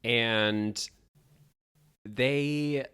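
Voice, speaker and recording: A woman co-hosting a podcast, speaking in a dry, measured way and giving firm opinions. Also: a bass voice, fairly bright tone, clean tone. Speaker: podcast co-host. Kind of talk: casual chat.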